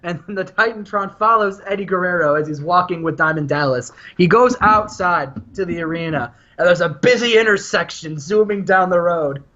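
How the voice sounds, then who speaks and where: A man's voice: sits high, normal speed, few pauses, pushed and bright, lo-fi sound. A man co-hosting a podcast, telling stories animatedly and laughing often. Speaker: podcast co-host. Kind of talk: casual storytelling chat.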